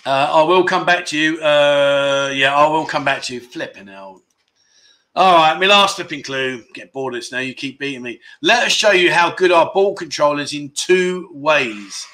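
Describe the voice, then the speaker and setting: A man's voice: on the high side, bright, forceful tone. A man hosting a casual livestream quiz, chatting and teasing viewers as he reads their comments aloud. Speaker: livestream host.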